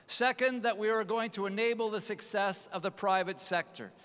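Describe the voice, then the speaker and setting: Male agency head, high bright clear voice, emphatic keynote in an echoey hall. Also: normal speed. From Canada. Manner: upbeat, emphatic, frequent fillers. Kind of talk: conference speech. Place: large conference hall.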